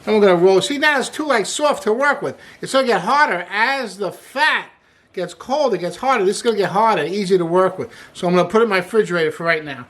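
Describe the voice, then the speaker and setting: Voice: medium pitch, lively intonation, fast talker, fairly bright tone. A cooking show host giving a casual demonstration in an upbeat way, often opening lines with "hey", repeating praise like "wonderful" and joking and laughing at their own asides.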